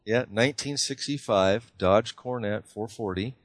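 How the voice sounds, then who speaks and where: A middle-aged man from Idaho with a very low, deep voice tells stories as an interview guest. He rambles, circles back and repeats words, filling pauses with "uh" and "you know.". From Idaho, USA. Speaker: guest, car dealer. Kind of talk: casual interview storytelling.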